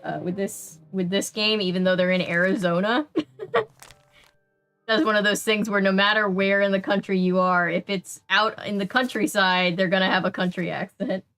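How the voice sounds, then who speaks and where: A woman's voice: medium pitch, normal speed, fairly bright tone, faint music behind. A woman with a Southern US accent, chatting casually and laughing often while streaming a video game. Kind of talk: casual gameplay chat.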